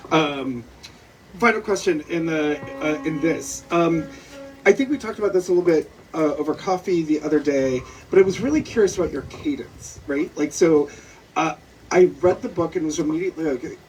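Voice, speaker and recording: A man's voice: on the high side, normal speed, soft background music. A man interviewing an author at a bookstore event, asking prepared questions with many "um"s. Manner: hesitant, many "um" and "uh", reads notes aloud. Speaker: interviewer, comic book artist. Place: bookstore event before an audience. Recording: distant mic with faint noise.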